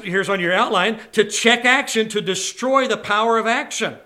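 A man preaching a sermon to a church congregation, telling personal stories with lively call-outs to the listeners. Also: high-pitched, moderate pace, few pauses. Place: church service before a congregation.

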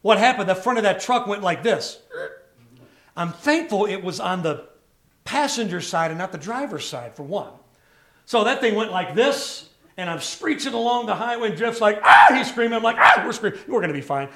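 A man preaching a sermon to a church congregation, telling personal stories with lively call-outs to the listeners. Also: high-pitched, moderate pace. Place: church service before a congregation.

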